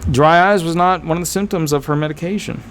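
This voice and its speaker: A man speaking as a disability attorney, giving casual, animated advice to viewers, emphatic and repetitive with frequent fillers. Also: a little high, fast, soft background music. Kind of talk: casual advice talk to camera.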